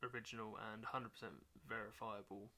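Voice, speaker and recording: A man's voice: lowish voice, flat delivery, a little fast, sharp tone. A man co-hosting a comedy podcast in a chatty, laid-back way. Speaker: podcast co-host. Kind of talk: casual comedy podcast chat.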